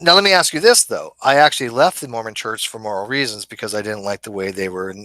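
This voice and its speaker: A man's voice: on the low side, quick pace, bright, forceful tone, dry recording. A man hosting a debate channel in casual chat, talking conversationally with many fillers.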